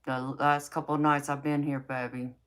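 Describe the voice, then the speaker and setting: Low raspy woman chatting with her viewers. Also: level tone, moderate pace, fairly bright tone. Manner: sassy, affectionate, calls viewers baby. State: dry mouth from talking a lot. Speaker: tarot reader and live-stream host. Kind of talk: late-night live chat, answering viewer comments.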